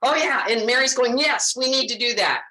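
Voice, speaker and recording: Woman, insurance sales trainer, animated and direct, acts out client talks, bright forceful voice. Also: a little high, normal speed, reverberant, poor audio. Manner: animated, direct, addresses audience as "guys". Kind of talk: sales training talk with role-played client dialogue.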